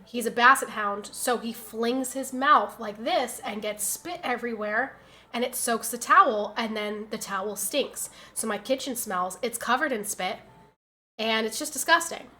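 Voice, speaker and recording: A woman streamer talking casually at her desk mic, her voice bright and a little high. She tells stories in a chatty, exasperated way and answers her chat as she goes. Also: a little slow. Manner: chatty, exasperated storytelling, reads chat aloud.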